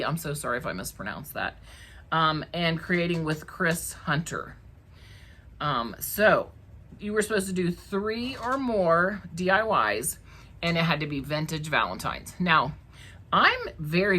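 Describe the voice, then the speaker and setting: A woman's voice: lowish voice, bright, forceful tone. A woman hosting her own craft channel, talking casually to camera from her crafting room at home, chatty and emotional, laughing often.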